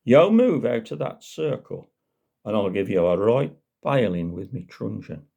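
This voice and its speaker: A man voicing a bullying petty village constable in a Black Country accent, raising his voice high and loud. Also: big pitch swings, a little slow, vocal fry, exaggerated voice. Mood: threatening.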